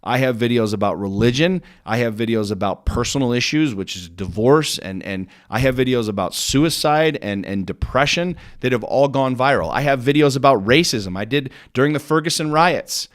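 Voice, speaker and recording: A man's voice: medium pitch, moderate pace, hardly any pauses. A man hosting his own podcast as a business coach, talking straight at the listener in an intense, blunt way, swearing freely and repeating words for emphasis. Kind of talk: motivational monologue.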